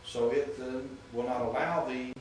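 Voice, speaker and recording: A man's voice: mid-range voice, steady tone, a little slow, recorded from a distance, slight background noise. A man teaching a classroom lecture, patient and often checking that students understand. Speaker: Greek teacher. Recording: echoey room recorded from afar.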